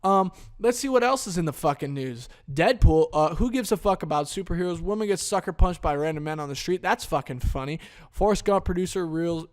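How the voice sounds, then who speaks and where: This podcast host's voice is a little high, expressive, and slightly fast. Alone on his casual show, he hunches over a desk mic and delivers a crude, dismissive rant full of profanity.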